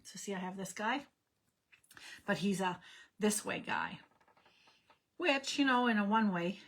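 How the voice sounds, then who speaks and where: A woman's voice: mid-range voice, expressive, measured pace. A woman hosting a card-making livestream, thinking aloud in a loose, meandering way. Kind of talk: casual crafting livestream chat.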